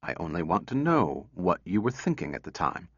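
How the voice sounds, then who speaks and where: A man's voice: sits low, big pitch swings, moderate pace, no room sound, muffled recording. A man reading a story, voicing a stern woman psychologist who asks clipped, probing questions while holding back anger.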